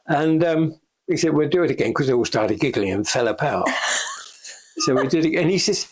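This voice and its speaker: The voice belongs to an older special effects veteran, a little high, expressive and slightly fast, with a faint hiss or hum. Interviewed in a shop, he tells chatty backstage tales, laughing often and playing out the lines he quotes.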